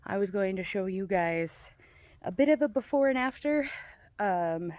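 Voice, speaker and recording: A woman's voice: mid-range voice, lively intonation, unhurried, a little mellow, no room sound. A young adult woman chatting casually in a vlog while working in her yard, rambling and swearing freely, a little out of breath, recorded on a handheld camera outdoors. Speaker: vlogger.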